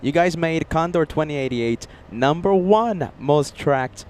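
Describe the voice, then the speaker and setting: A man's voice: fairly high pitch, lively intonation, measured pace, darkish tone, a little hiss or hum. An upbeat, chatty man hosting a casual livestream outdoors near an airport and reading viewer messages. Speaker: livestream host.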